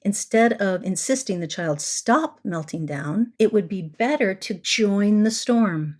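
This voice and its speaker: A middle-aged woman therapist hosting a parenting podcast, teaching in a calm, coaching way and repeating key words for emphasis. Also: medium pitch, measured pace, few pauses.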